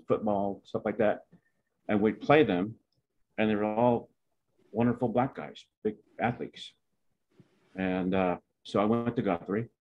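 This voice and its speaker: A man, telling a meandering, folksy family story from his life and correcting himself as he goes. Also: lowish voice. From Pawnee, Oklahoma. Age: 70s. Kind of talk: personal storytelling. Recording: dull lo-fi recording.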